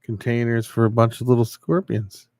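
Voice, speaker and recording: A man's voice: mid-range voice, flat delivery, moderate pace, a little mellow, no echo. A man hosting a casual livestream, answering viewers and rambling through a story. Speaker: livestream host.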